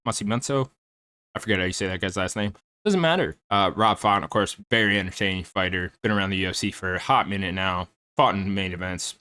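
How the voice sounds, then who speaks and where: A young man rambles through a casual fight preview, full of "uh"s and the odd curse word. His voice sits low but has a crisp, forceful edge. The sound is dry and close, with no room around it. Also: no room sound. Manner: laid-back, rambling, lots of fillers and mild swearing. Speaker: MMA commentary YouTuber.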